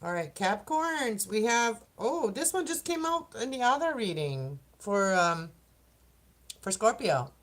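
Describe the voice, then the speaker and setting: Slow, rambling woman reading oracle cards. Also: medium pitch, sing-song, fairly bright tone. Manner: rambling, chatty, laughs often, stumbles over words. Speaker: tarot and oracle card reader. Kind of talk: casual card reading for zodiac signs.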